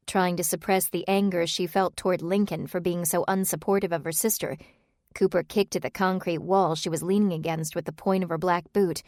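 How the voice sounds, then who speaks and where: This audiobook narrator reads scripted fiction in a lowish voice, steady and measured. The recording is dry and clean, studio-made.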